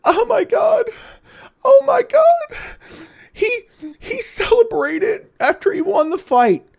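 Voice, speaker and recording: A man putting on a whiny, sobbing crybaby voice to mock someone, with high-pitched wailing. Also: very animated, slow, creaky, exaggerated voice.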